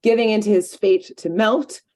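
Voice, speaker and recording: A woman's voice: mid-range voice, fairly even intonation, moderate pace, darkish tone. A woman co-hosting a podcast, casually recapping a cartoon episode with lots of filler words. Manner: chatty, frequent "like" and "um" fillers. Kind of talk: casual chat.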